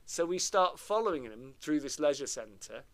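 A man's voice: fairly high pitch, very animated, moderate pace. A middle-aged man from Devon, telling a self-mocking anecdote in casual chat. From Devon, England.

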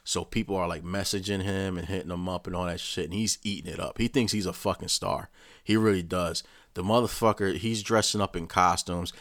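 A deep-voiced man tells a story in a loose, rambling rant, with swearing in almost every line. The sound is dry and close, with no room around it. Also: fairly quick, no room sound. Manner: profane, rambling, animated storytelling. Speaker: vlogger. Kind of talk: casual rant recapping a show.

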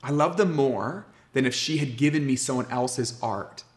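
A man in his thirties preaching a sermon as pastor, earnest and warm, slowing down with emphatic pauses on key words. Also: mid-range voice. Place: church sanctuary. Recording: echoey room.

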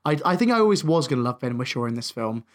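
A young man with a mid-pitched voice, reviewing films in a relaxed chat. He talks hesitantly, restarts his sentences and adds fillers, yet he sounds warmly enthusiastic. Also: fast talker. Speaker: film review podcast co-host. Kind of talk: casual chat.

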